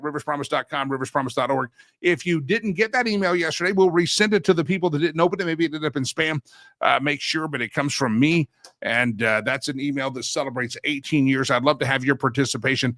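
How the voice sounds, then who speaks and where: A man's voice: a little high, a bit bright, dry recording. A man hosting a talk show, chatting casually in a folksy manner and breaking into a sing-song catchphrase. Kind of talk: casual monologue.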